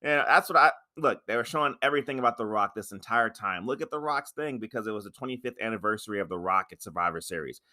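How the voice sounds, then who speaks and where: A man co-hosting a casual podcast, ranting loudly with lots of swearing and restarts. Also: fairly low pitch, fast talker, few pauses. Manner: ranting, profane, repeats himself. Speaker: podcast co-host. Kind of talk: casual wrestling chat.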